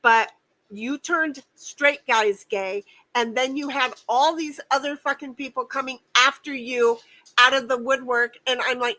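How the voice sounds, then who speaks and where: A woman hosts a casual livestream from home, her voice high and bright. She vents angrily, curses freely and stumbles over repeated phrases. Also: a little slow, low-quality recording. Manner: profane, venting, repeats herself. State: angry and upset. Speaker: stream host.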